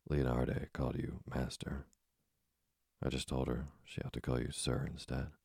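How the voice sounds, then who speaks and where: A prim, timid young girl in a bedtime storybook, as a man reads her lines. The delivery stays deep, gravelly and husky, without a put-on higher voice. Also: monotone, moderate pace, a little mellow, no echo, clean studio sound, full character voice.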